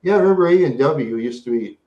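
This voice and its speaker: Rambling live-stream host, a man who repeats lines over and over, medium pitch, roomy echo. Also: expressive, fast, warm tone, dull audio. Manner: repetitive, rambling, talks to chat viewers. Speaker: livestream host.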